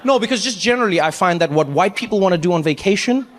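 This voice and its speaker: A man's voice: high-pitched, fast, a little hiss or hum. South African man doing stand-up. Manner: animated storytelling, acting out characters. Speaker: stand-up comedian. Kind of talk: stand-up comedy. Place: large hall with audience. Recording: echoey hall, faint crowd ambience.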